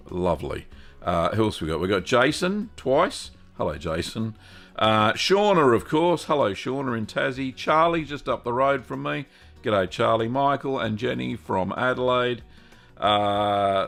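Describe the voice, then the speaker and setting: A man with an Australian accent hosting a live stream, greeting viewers one by one in a relaxed, chatty way. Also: fairly low pitch, creaky. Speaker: host of a cheese-making livestream. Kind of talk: casual live-stream chat.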